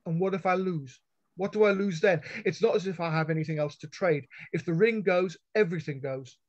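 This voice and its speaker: A man's voice: high voice, a little fast, dry recording, natural voice. A man reading a story aloud and voicing a poor, hopeful young commoner who protests and pleads earnestly. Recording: dull lo-fi online call audio.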